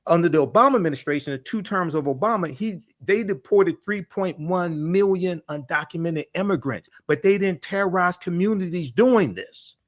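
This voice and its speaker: Male panelist, slightly high pitch, forceful political commentary with frequent filler pauses.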